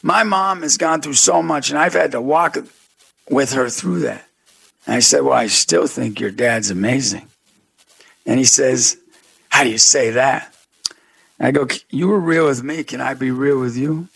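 A man's voice: medium pitch, normal speed, creaky, fairly bright tone, husky, no room sound. A man being interviewed as a guest, telling a story with preacher-like conviction and acting out the voices he quotes. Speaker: guest speaker.

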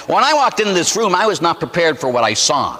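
A Catholic priest in his forties from Pittsburgh, preaching a sermon with animated storytelling and rhetorical "huh?" asides. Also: on the high side, quick pace, in a large hall. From Pittsburgh, USA. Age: 40s. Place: church.

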